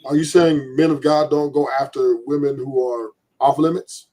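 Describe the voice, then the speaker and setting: Husky man, slow and easygoing. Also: medium pitch, fairly even intonation, warm tone, poor audio. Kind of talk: casual debate.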